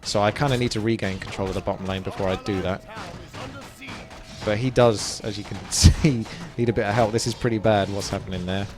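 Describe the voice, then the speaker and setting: His voice is fairly low-pitched and brisk, with fairly even intonation. This young man gives casual, chatty commentary on a strategy game, explaining his moves as he plays, while game music sounds underneath.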